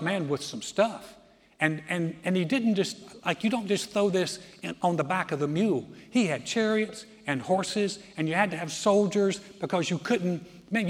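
A pastor preaching a sermon as an animated storyteller, often throwing in "man" and swinging from loud to quiet. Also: fairly high pitch. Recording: long hall reverb.

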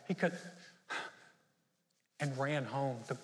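A man's voice: mid-range voice, a little slow, in a large hall. A man preaching a sermon as pastor, telling a Bible story and acting out its people. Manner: storytelling, acts out the Bible characters.

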